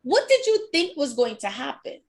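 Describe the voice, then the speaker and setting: Lively high-voiced woman chatting. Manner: animated, acts out other people in quick bursts. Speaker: podcast co-host. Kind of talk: casual chat.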